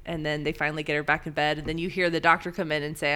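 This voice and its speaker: A woman co-hosting a podcast, telling a story in a casual, animated way and laughing often. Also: deep voice, fast talker, hardly any pauses. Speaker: podcast co-host.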